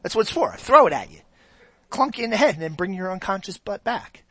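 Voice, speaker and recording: Lively, bright-voiced animated preacher. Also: mid-range voice, fast talker, husky, dry recording. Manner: animated, conversational, repeats phrases for emphasis. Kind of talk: sermon.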